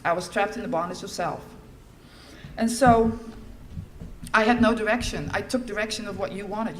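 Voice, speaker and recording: A woman's voice: mid-range voice, moderate pace, slight background noise. A middle-aged woman from the Netherlands, giving a candid, wry personal testimony as a speaker at a recovery meeting.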